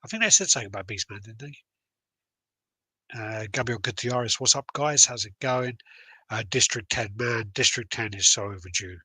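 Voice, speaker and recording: A man's voice: mid-range voice, moderate pace, bright, forceful tone, slightly rough, no echo, low-quality recording. A man hosting a casual podcast, swearing freely and rambling through stories. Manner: swears freely, loose storytelling with fillers. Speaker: podcast host.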